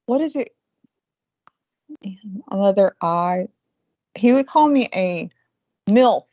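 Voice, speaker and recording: A woman's voice: mid-range voice, animated, moderate pace, pauses often, warm tone, no room sound. A woman in her forties, co-hosting a podcast and telling stories in casual chat, with lots of profanity. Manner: profane storytelling. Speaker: podcast co-host. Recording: muffled lo-fi sound.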